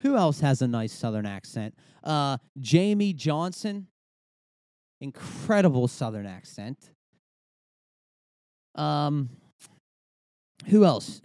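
A man's voice: medium pitch, dark tone, no room sound, studio quality. A young man hosting a podcast, ranting casually with swearing and rambling asides. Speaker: podcast host. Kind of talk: casual comedic rant.

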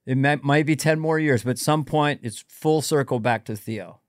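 Reflective middle-aged comedian. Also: male voice, medium pitch, moderate pace, no room sound, studio quality. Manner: reflective, advice-giving, wandering. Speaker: comedian guest. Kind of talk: casual podcast chat.

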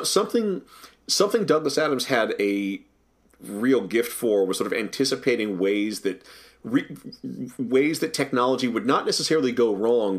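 A man co-hosting a podcast, talking in an enthusiastic, animated way and often repeating words as he starts a thought. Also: fairly low pitch. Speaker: podcast co-host. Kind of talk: casual discussion.

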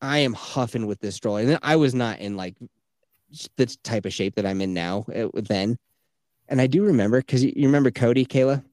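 A man hosting a podcast, telling a story in casual chat, animated and heavy on profanity. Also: mid-range voice, a little fast, no room sound, clean studio sound. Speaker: podcast host.

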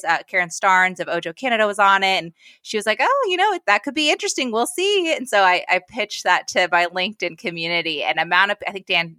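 A woman's voice: fairly low pitch, bright, forceful tone, no room sound, studio quality. A woman talking as a guest on a podcast, upbeat and chatty, with frequent filler sounds. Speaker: events director, podcast guest. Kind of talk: casual podcast conversation.

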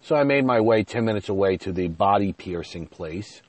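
Low-voiced man rambling through a podcast story. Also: animated, normal speed, no echo. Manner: rambling, self-deprecating, heavy on "you know"; gets loud and high when retelling arguments. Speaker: podcast host. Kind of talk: casual storytelling monologue. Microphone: podcast mic.

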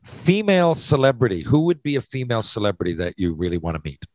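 A man's voice: mid-range voice, big pitch swings, fast talker, darkish tone, no room sound, poor audio. Man, podcast host, rambling, profane, casual, dry close sound. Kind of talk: casual chat, posing hypothetical questions.

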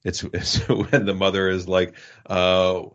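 A man co-hosting a casual comedy podcast, playful and quick to laugh. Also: sits low, completely flat delivery, fairly bright tone. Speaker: podcast co-host. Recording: dull lo-fi sound.

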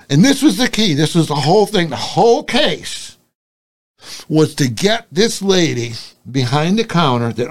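High-voiced older man telling stories. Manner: animated, profane, acts out quoted dialogue. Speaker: podcast guest, retired private investigator. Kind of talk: casual storytelling.

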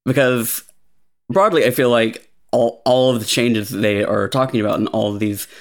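A man's voice: mid-range voice, moderate pace. A man speaking as a guest on a podcast, thoughtfully explaining his views. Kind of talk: casual podcast talk.

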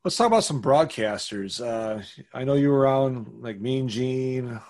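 A man's voice: mid-range voice, lively intonation, moderate pace, a little mellow. A man hosting an interview, prompting with short replies and eager questions. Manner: short encouraging backchannels, eager fan questions. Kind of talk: casual interview.

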